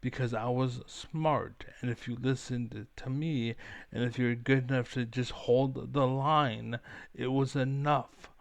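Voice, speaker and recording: A man's voice: medium pitch, steady tone, takes it slowly, creaky, no room sound. A young man ranting on camera in a rambling, profane, fired-up way. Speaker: online commentator.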